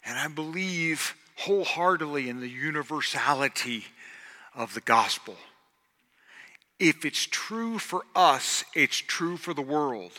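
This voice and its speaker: A man preaching a sermon as pastor, swinging between hushed passages and loud, emphatic outbursts. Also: a little high, lively intonation, unhurried. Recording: long hall reverb.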